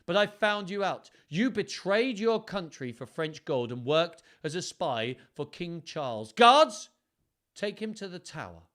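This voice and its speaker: A man's voice: a little high, big pitch swings, moderate pace, fairly bright tone. A man voicing a determined young king in a children's story, firm and commanding. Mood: stern.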